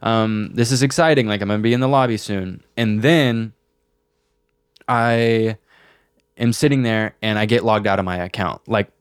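A young man, co-host of a podcast, telling a story in casual chat, animated and swearing, acting out the voices of the people in it. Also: lowish voice, moderate pace, clear, resonant tone, dry recording, studio quality. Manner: animated, swearing, acts out voices in his stories.

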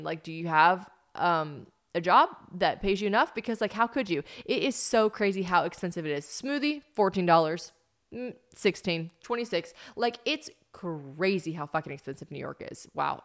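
A young woman from South Carolina, chatting casually and animatedly as host of her solo podcast, swearing freely. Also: fairly low pitch.

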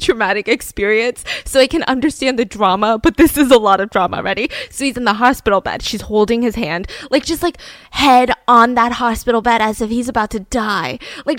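Woman storyteller, chatty, animated asides, a bit high, dry sound. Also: no room sound. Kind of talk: casual storytelling.

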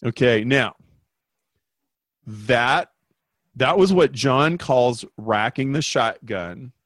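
A man telling an anecdote in a lively, conversational way, acting out the voices of the people in it as a guest explaining marketing. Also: mid-range voice, extremely slow, no room sound. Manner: animated, acts out quoted voices. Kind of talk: conversational storytelling.

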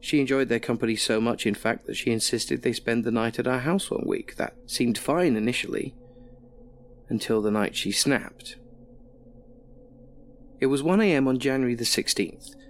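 A man narrates a horror story in the first person, measured and wry. His voice sits at a middling pitch, with faint noise behind.

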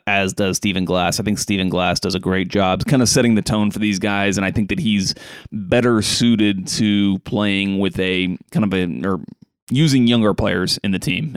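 A lower-voiced man chatting on a solo soccer podcast. He talks loosely, with plenty of "uh"s and restarts. His voice comes through smooth and clear on a close, dry microphone. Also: dry recording. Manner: conversational with frequent fillers and restarts; reads quotes from a sheet in a flat reading tone. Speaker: podcast host.

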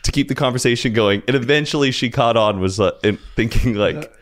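A man's voice: medium pitch, brisk. A young man telling stories as a podcast guest in a laid-back, rambling way. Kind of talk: casual storytelling.

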